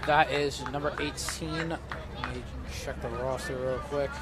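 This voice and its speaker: A man calling a high school baseball game play by play, chatty and self-joking, his voice rising with the plays. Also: steady tone, a little slow, a loud crowd. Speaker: play-by-play announcer. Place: outdoors at a ballfield. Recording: outdoor noise with passing traffic.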